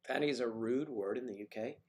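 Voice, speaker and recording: Hosting a laid-back livestream from his home, an American man reads out viewer comments and teases them playfully, his voice leaping in pitch as he gets animated.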